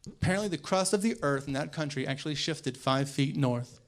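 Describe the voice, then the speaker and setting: A young man from the American South performing a stand-up set in a comedy club, talking quickly and acting out voices with sudden loud bursts. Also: on the high side.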